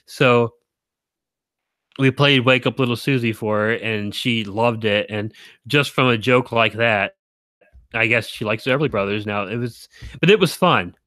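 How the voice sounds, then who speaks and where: A man's voice: medium pitch, normal speed, a bit bright, no room sound. A man streaming to his viewers in casual livestream chat, rambling and correcting himself, with frequent chuckles.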